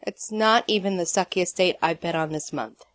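A woman's voice: fairly low pitch, normal speed, dry recording, lightly acted. A woman reading a story aloud, voicing a dry, sardonic young man who is a reluctant camper. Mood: wry. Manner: deadpan, sardonic.

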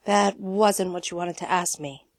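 A woman plays a sardonic young man with a deadpan, low delivery, answering everything with dry understatement. The storybook reading is close and dry. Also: a little slow, no room sound. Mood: wry. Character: dry, wry young man, reluctant camper.

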